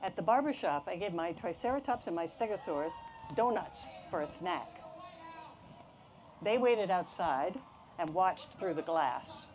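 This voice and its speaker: A woman reading a picture book aloud to children, her voice animated and swinging widely in pitch. She tells the story expressively, with a faint ambient hum behind her. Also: unhurried.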